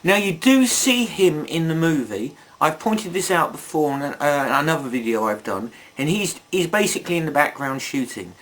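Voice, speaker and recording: A man's voice: fairly high pitch, lively intonation, normal speed, hardly any pauses, fairly bright tone. A man reviewing toys in a casual video, rambling and chatty, full of asides and self-mocking jokes. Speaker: toy reviewer.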